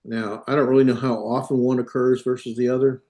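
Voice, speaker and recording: A man's voice: medium pitch, little pitch movement, dark tone. Man lecturing with many fillers. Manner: halting, many fillers and self-corrections. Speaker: instructor. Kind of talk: classroom lecture.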